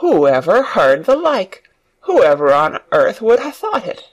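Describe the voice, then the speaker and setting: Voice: mid-range voice, wildly swooping pitch, measured pace, muffled recording. A reader voicing an older housekeeper, astonished, in broad dialect.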